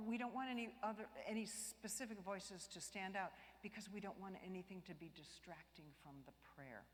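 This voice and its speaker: A woman choir director leading a live vocal warm-up workshop, demonstrating exercises by singing and encouraging the group with light jokes. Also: fairly low pitch, a little hiss or hum. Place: large church. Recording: long church reverb.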